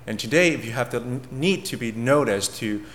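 A man interpreting a sermon phrase by phrase, in a plain delivery with hesitant filler pauses. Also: medium pitch, animated, a bit bright, reverberant, a little hiss or hum.

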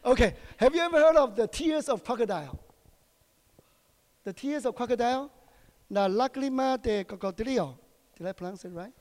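A high-pitched man with a Taiwanese accent preaches in a church, his English halting as he keeps tossing questions to the congregation. His voice rings out with a long reverb through the hall. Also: animated, darkish tone. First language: Chinese. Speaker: pastor. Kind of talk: sermon.

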